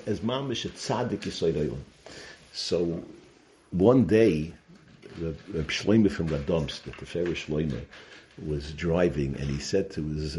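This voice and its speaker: A man's voice: very deep voice, mellow, slight background noise. A man giving a Torah talk, telling stories and sprinkling in Yiddish and Hebrew terms. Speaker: Torah teacher.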